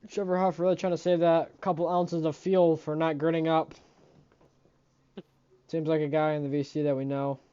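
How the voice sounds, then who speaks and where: A man giving deadpan remarks as co-commentator on a race broadcast. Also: on the high side, moderate pace, clear, resonant tone, dull audio. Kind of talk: casual commentary banter.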